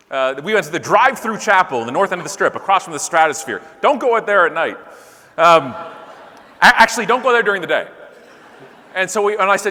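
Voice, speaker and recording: Animated man telling a comic keynote story. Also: a little high, fast talker. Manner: animated, joking, talks to the crowd. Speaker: keynote speaker. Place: large conference hall with live audience. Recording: long hall reverb.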